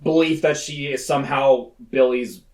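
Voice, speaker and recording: A man co-hosting a casual podcast, animatedly retelling a movie plot, swearing freely and mimicking characters in squeaky voices. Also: fairly even intonation, normal speed, a little mellow. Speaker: podcast co-host.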